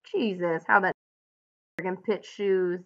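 A woman reading the part of a blunt, gruff male ranch hand in a folksy drawl, on a dull lo-fi recording. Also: lowish voice, steady tone, slow, fairly bright tone. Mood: insistent.

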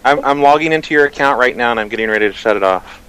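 A man pranking a caller, posing as phone company staff and calling him rude in a flat, deadpan way. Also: mid-range voice, very fast, clear, resonant tone, poor audio.

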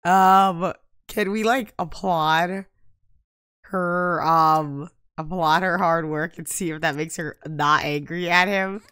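A young woman giving casual gameplay commentary, exasperated and prone to loud outbursts. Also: lowish voice, steady tone, slow, clear, resonant tone, no echo, studio quality. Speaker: gaming YouTuber.

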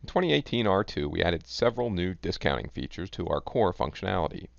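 Low gravelly guy reading a software demo script, dry dull lo-fi sound. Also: big pitch swings, fast talker, no echo. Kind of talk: scripted product demo narration.

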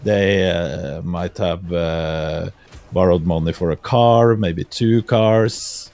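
A man from Norway with a Norwegian accent, chatting casually on a call, speaking English as a second language and often pausing to find his words. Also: low voice, fairly even intonation, a little mellow. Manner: hesitant, searching for words, plain-spoken. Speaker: guest streamer.

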